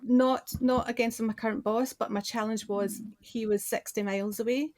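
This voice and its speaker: A woman's voice: fairly high pitch, steady tone, moderate pace, darkish tone, no room sound. Scottish woman in her forties, dry close sound. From Scotland. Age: 40s. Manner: chatty storyteller with many restarts. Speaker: guest, business owner and designer. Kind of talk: casual interview chat.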